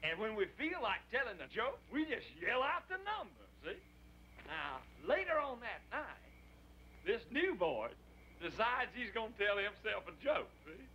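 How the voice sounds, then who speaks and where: An actor playing a rowdy biker gang member who tells jokes in a drawn-out, boisterous way in 1960s film dialogue. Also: male voice, sits high, sing-song, bright, forceful tone, heavily acted. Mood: joking. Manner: boisterous joke-teller, drawn-out delivery. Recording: dull old film soundtrack with hiss.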